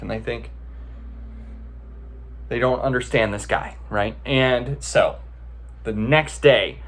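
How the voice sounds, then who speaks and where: A man gives a relaxed, conversational talk as a meditation teacher and slips into storytelling. His voice sits at an ordinary middle pitch. He keeps checking in with the listeners as he goes. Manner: casual, conversational, with many filler checks.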